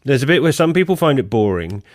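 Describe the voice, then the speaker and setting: A man hosting a podcast in casual chat, lively and jumping up in pitch to make a point. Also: quick pace, dry recording, clean studio sound. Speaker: podcast host.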